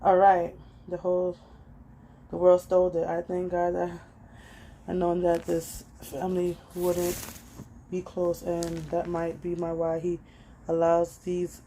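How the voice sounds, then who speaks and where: A woman's voice: fairly low pitch, completely flat delivery, measured pace, pauses often, dark tone, slight background noise, poor audio. A young adult woman vlogging casually at home. She chats loosely, reads viewers' comments aloud and scolds her daughter between thoughts. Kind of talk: casual chat.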